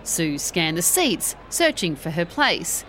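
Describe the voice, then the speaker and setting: Lively woman storyteller. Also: lowish voice, slow pace, a little hiss or hum. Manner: expressive, rising with excitement. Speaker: podcast host and narrator. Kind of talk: storytelling narration. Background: background music.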